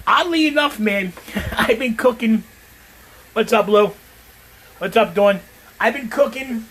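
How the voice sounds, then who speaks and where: A middle-aged home cook with a high, slightly bright voice chats on a casual cooking livestream from his home kitchen. Brash and profane, he talks straight to his viewers as he cooks.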